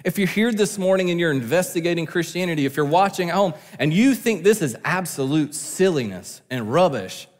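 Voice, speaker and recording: A man's voice: on the high side, long reverb tail. A man preaching a sermon from the pulpit, earnest and building to emphatic peaks. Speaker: pastor. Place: church sanctuary.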